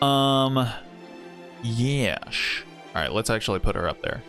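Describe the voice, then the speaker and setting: A man rambles casually while he plays a game, stopping often on fillers and small laughs. His voice sits at an ordinary middle pitch. Faint music plays in the background. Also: expressive, slow. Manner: rambling, chatty, full of fillers and chuckles. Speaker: streamer. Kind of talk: casual gameplay commentary.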